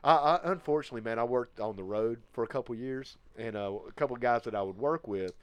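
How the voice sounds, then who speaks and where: A man's voice: medium pitch, fast, clean tone, dry recording. A man hosting a podcast in casual chat, swearing freely and laughing often. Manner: profane, animated, laughs often. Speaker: podcast host.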